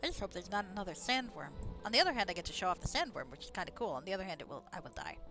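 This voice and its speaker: A woman's voice: on the low side, very animated, very fast. A woman streaming a game, chatting casually and rambling with frequent laughs. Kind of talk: casual gameplay commentary. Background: game music.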